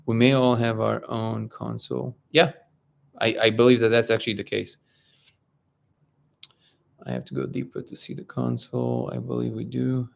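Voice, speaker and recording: A man hosting a casual live-stream talk, speaking haltingly with many restarts and fillers. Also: medium pitch, creaky. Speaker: host of a live discussion stream.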